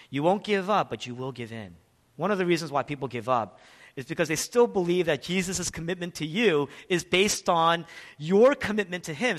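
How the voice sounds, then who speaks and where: A male pastor preaching a sermon, emphatic, asking questions and answering them, and swinging from loud passages to hushed ones. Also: on the high side. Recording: long reverb of a large hall.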